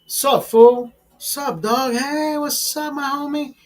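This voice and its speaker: A man's voice: very high voice, fairly even intonation, takes it slowly, voice pushed up, low-quality recording. A man imitating a swaggering young wannabe tough guy who keeps calling people fool and dog. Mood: taunting.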